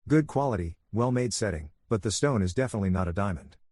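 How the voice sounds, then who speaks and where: A man's voice: on the low side, lively intonation, fast talker, a little mellow, dry recording, studio quality. A man voicing a polite woman in her fifties who appraises jewelry, speaking carefully and professionally.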